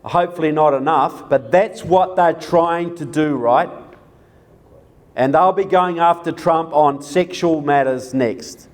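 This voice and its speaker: A man with a somewhat higher voice delivers a political presentation to a live audience. He talks emphatically, hammering words by saying them twice. He keeps turning to the crowd with questions. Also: unhurried. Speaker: political speaker.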